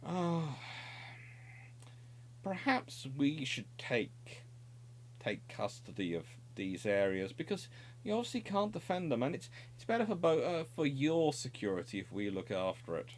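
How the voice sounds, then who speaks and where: A man's voice: mid-range voice, big pitch swings, measured pace, a little hiss or hum, pitched above the performer's own voice. A man putting on a smug, patronizing imperial official. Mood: condescending.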